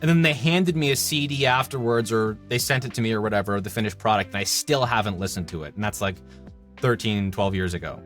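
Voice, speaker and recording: A man in his thirties from Canada, a voice actor chatting casually in an interview and telling lively anecdotes. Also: lowish voice, a little fast, soft background music. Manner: chatty, animated anecdotes with acted-out quotes. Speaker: voice actor guest.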